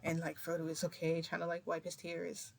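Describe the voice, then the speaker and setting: A woman's voice: fairly low pitch, completely flat delivery, a little fast, creaky. A woman vlogger telling a story to camera in a casual, rambling way, close to tears. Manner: emotional, rambling retelling with many "like"s.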